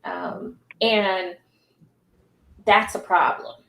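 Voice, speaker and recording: A woman's voice: medium pitch, extremely slow, fairly bright tone. A woman co-hosting a talk show, giving chatty, opinionated commentary. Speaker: co-host. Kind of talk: casual talk show chat. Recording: echoey room with faint noise.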